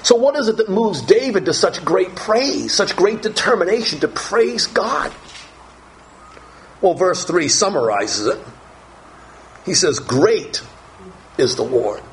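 A man preaching a sermon with a lively, swinging pitch and a somewhat high voice. He reads scripture aloud and leans hard on key phrases, his voice rising with emphasis. A faint hiss of noise sits under the recording. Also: a little slow, pauses often, poor audio. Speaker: pastor.

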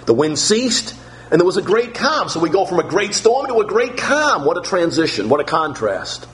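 A man's voice: sits high, sing-song, moderate pace, fairly bright tone, low-quality recording. A man preaching an expository sermon, emphatic and repetitive, firing off rhetorical questions.

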